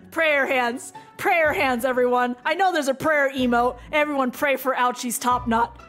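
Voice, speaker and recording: A woman's voice: high voice, fairly bright tone. A woman giving playful let's play commentary. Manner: giggly, playful. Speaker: game player.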